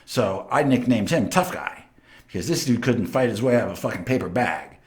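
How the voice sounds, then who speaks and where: A man's voice: fairly low pitch, a little fast. A man from Long Island with a New York accent, hosting a show and telling stories in a boastful, profane, casual way. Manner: animated, boastful, heavily profane. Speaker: host. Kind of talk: casual storytelling.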